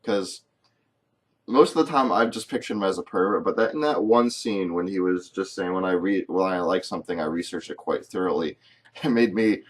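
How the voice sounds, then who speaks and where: A man's voice: sits low, moderate pace. A young man hosting a gaming channel, rambling and joking through let's-play commentary, self-deprecating. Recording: faint game music behind.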